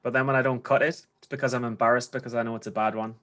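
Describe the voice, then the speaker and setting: Speaking rapid-fire with a flat, slightly bright medium-pitched voice, a trader from the Geordie region of England describes his trading habits to a coach. The talk is loose and rambling, peppered with slang and repeated restarts.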